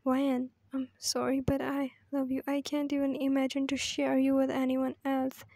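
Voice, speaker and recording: A woman voicing a jealous, heartbroken young girlfriend in a fan story she reads aloud, with plain, halting delivery. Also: sits high, monotone, warm tone, no echo. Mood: tearful.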